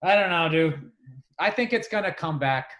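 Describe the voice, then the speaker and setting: A man from the greater area, chatting on a podcast in a profane, animated storytelling way. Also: fairly high pitch, moderate pace. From greater Boston area. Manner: profane, animated storyteller who acts out sounds. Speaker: podcast co-host. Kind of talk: casual chat.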